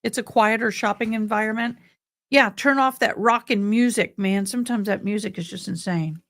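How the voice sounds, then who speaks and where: A woman's voice: mid-range voice, moderate pace, fairly bright tone, dry recording, studio quality. A middle-aged woman hosting a livestream, chatting casually with viewers and calling them honey and boo. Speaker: livestream host. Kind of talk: casual chat to live viewers.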